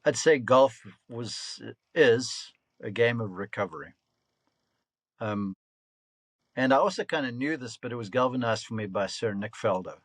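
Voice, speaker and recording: A man in his fifties, a golf coach and broadcaster, telling lively anecdotes and laughing often in a casual podcast interview. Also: mid-range voice, unhurried, no room sound. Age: 50s.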